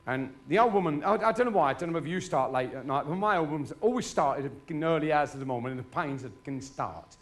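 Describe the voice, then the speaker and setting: A man's voice: on the high side, animated, fast, few pauses. A middle-aged man telling crude stories in a stand-up routine, swearing freely. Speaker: stand-up comedian. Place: live show before an audience.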